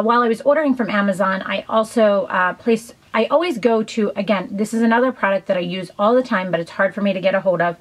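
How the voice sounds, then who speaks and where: A woman's voice: mid-range voice, low-quality recording. Chatty woman beauty vlogger. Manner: chatty, enthusiastic, many ums and asides. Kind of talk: casual haul video chat.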